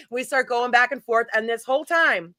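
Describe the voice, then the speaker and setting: Bright-voiced woman telling a story. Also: a little high, moderate pace, dry recording. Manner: animated, laughs while telling stories. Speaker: guest, paranormal event organizer. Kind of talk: casual storytelling.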